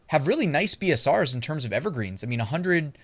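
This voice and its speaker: A man's voice: fairly high pitch, very animated, quick pace, fairly bright tone. Chatty man hosting a screen walkthrough. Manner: chatty, laughs at himself, thinking aloud. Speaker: host. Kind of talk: casual talk-through of screen research.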